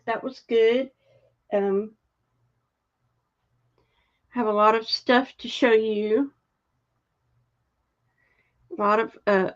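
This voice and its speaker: An older woman casually chatting on a live stream, greeting viewers by name and trailing off as she searches for things. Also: fairly high pitch. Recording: dull lo-fi stream audio.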